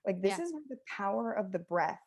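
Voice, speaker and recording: A woman's voice: medium pitch, fairly quick. A woman co-hosting a casual health podcast, talking emphatically as a fitness coach and acting out what people say. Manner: animated, emphatic, acts out quotes. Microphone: close studio mic, audible breathing.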